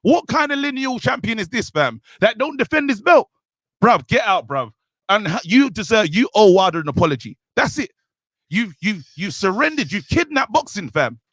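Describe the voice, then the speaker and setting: A man's voice: high voice, sing-song, moderate pace, fairly bright tone, dry recording. Fired-up man ranting. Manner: ranting, worked up, calls out a boxer directly. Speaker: podcast co-host. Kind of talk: heated rant.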